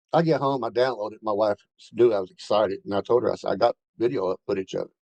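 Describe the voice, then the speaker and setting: Man, low voice, casual storytelling, rambling with fillers, dry close sound. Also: fairly quick, gravelly, darkish tone, dry recording, poor audio. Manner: rambling, many fillers and restarts. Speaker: bigfoot researcher telling an encounter.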